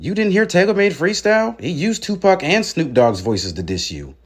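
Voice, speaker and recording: A pushy interviewer who asks leading, needling questions to stir up a feud, as a man plays him in a comedy sketch. He speaks in a lower, steadier register than the rappers around him. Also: big pitch swings, moderate pace. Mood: probing. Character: pushy male interviewer hungry for drama.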